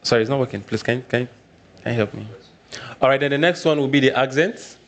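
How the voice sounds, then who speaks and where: A man's voice: medium pitch, fast. A Nigerian man presenting a live technical workshop, often repeating his points and checking in with "all right".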